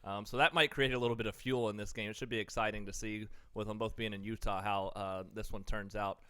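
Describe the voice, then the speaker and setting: A man's voice: lowish voice, steady tone, fast, pushed and bright, clean tone, no echo, studio quality. A man, co-hosting a casual sports podcast and talking in a rambling way with many fillers. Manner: rambling, filler-heavy, eating while talking. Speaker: podcast co-host.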